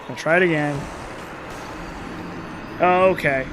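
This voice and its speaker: Guy rambling through a game, thinking out loud, kinda self-deprecating, slightly high voice. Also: normal speed, long pauses, background noise. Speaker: gameplay commentator. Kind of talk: casual gameplay commentary.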